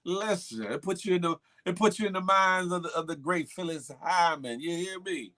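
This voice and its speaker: A man's voice: sits high, moderate pace, sharp tone. A man hosting a morning show, chatting casually and teasing viewers with slang and laughter. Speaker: morning show host reading viewer comments. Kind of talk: casual chat.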